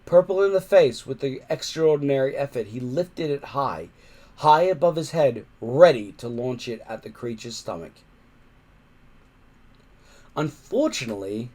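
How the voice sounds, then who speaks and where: A man reading a children's book aloud, careful and measured, with small slips he corrects. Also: medium pitch, mellow. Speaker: reader.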